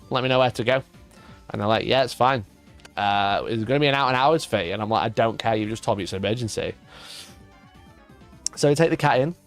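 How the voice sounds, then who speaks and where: A man hosting a casual live stream, rambling through a story and swearing freely. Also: medium pitch. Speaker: streamer host. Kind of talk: casual livestream chat.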